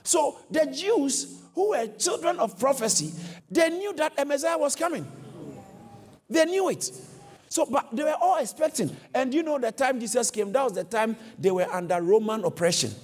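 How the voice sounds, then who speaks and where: A man delivers a sermon in a high, somewhat husky voice. He is animated and acts out the voices in the passages he quotes. He often stops to correct himself mid-sentence. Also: normal speed. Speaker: preacher.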